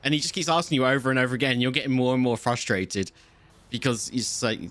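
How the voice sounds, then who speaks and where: A man's voice: mid-range voice, fairly even intonation, fast talker, a bit bright. A man, chatting casually to viewers on a live game stream and rambling through a story. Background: faint music.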